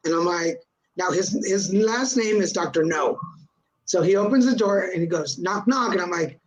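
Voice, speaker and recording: High-voiced joking man on a video call. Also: normal speed, low-quality recording. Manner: sarcastic, joking, switches into Spanish words. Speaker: host. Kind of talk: live-stream chat, storytelling.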